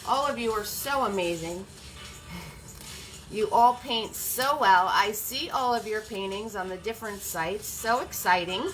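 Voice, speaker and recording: A woman's voice: mid-range voice, measured pace, fairly bright tone, faint music behind, low-quality recording. A woman hosting a live-streamed painting class, upbeat and greeting viewers by name as they join.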